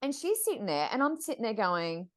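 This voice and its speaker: A woman's voice: on the high side, brisk. A woman, a psychic medium, telling stories as a podcast guest, acting out the voices of the people in them. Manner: acts out quoted voices, expressive. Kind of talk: animated storytelling. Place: podcast recording.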